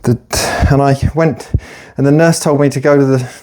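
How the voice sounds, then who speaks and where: A man's voice: mid-range voice, steady tone, moderate pace, warm tone. A man telling a blunt, sweary story in a casual, unedited workout chat. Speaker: fitness vlogger.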